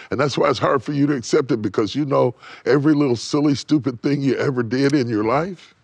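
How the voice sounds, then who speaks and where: A middle-aged man preaching on a TV talk show, rising to loud emphatic peaks and dropping to near whispers, repeating his phrases. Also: medium pitch, brisk, creaky, hardly any pauses, no room sound. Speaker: bishop and guest preacher. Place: TV studio set.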